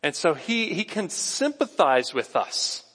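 A man preaches to his congregation in a lively, conversational way. His voice sits a little high for a man and carries a long reverb through a large church hall. At times he turns and speaks straight to people in the pews. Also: measured pace. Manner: conversational, animated preaching that talks directly to the congregation. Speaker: pastor. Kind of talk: sermon. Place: church sanctuary.

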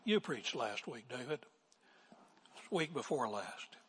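Older male pastor, husky and unhurried, emphatic sermon delivery with sudden hushed drops, long hall reverb. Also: mid-range voice, very animated. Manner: emphatic preaching, swinging from loud declarations to hushed asides.

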